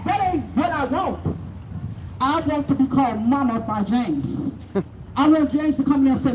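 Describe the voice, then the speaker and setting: Angry high-voiced woman addressing a protest. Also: expressive, normal speed, darkish tone. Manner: angry, raw, preaching to the crowd. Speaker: bereaved mother speaking at a protest. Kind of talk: impassioned protest speech. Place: outdoors at a protest by city hall. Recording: distant echoey noisy outdoor recording.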